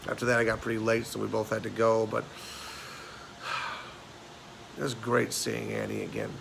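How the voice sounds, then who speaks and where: A man performs a neurotic forty-year-old man who rambles through his thoughts and trips over his own words. He stammers and circles back again and again. A faint hiss sits under a deep, gravelly vocal fry. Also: level tone, fast talker. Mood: rueful. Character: neurotic, self-mocking man turned forty. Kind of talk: film monologue performance.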